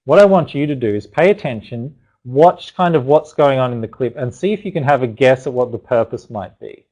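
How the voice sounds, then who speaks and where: A man's voice: medium pitch, lively intonation, a little fast, mellow, muffled recording. A man presenting a live parenting webinar, chatty and encouraging, talking loosely with restarts and asides to his audience. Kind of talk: live online teaching webinar.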